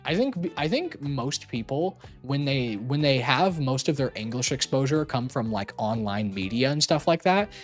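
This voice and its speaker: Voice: mid-range voice, very animated, moderate pace, hardly any pauses, soft background music. A young adult streamer chatting casually, teasing, laughing often and swearing freely.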